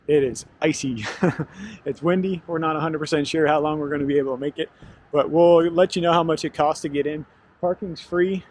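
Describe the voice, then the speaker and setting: A man's voice: a little high, a little mellow, slight background noise. Chatty man vlogging on the road. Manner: chatty storyteller, laughs while telling anecdotes. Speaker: travel vlogger. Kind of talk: casual vlog chat. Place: in a car, then outdoors in a garden.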